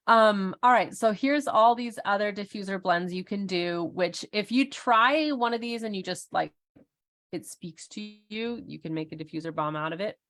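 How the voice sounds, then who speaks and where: A woman's voice: lowish voice, a bit bright. A middle-aged woman hosting an online workshop in a casual, chatty way, laughing often and using lots of fillers. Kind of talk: casual live presentation.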